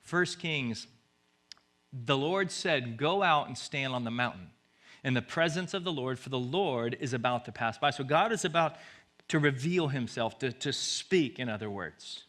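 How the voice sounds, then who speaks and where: Male pastor preaching, tense and bright tone, moves between loud scripture reading and near-whispered pleas, stumbles and restarts. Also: expressive, a little slow. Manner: swings from booming reading to hushed, soft-spoken appeals; stumbles and repeats words when pressing a point. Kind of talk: sermon.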